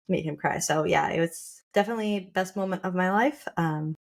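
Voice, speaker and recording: A woman's voice: lowish voice, normal speed, creaky. A young woman on a podcast, talking casually and reflectively about becoming a mother, often restarting her sentences. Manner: reflective, with frequent restarts and laughter. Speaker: podcast co-host sharing her birth story.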